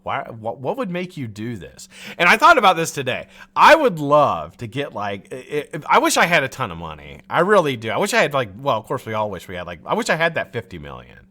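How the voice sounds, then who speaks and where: A man's voice: medium pitch, huge pitch swings, quick pace, hardly any pauses, bright, forceful tone. A man hosting a live stream, ranting in frustration, swearing freely and restarting his sentences. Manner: frustrated, profane, rambling with restarts; laughs at his own jokes. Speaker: livestream host. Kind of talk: heated live-stream rant.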